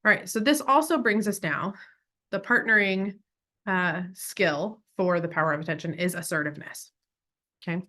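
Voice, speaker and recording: A young American woman presenting a parenting workshop, chatty and upbeat, often slipping into quick acted-out voices of parents and children. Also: on the low side, pushed and bright. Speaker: parent educator.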